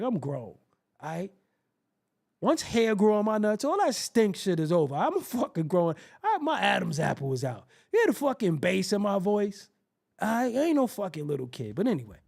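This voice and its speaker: Male host, raw comic storyteller, gravelly, wide swings in pitch, acts out voices. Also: normal speed. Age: adult. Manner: animated, acts out voices, laughs often. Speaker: show host. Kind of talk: profane comedic storytelling.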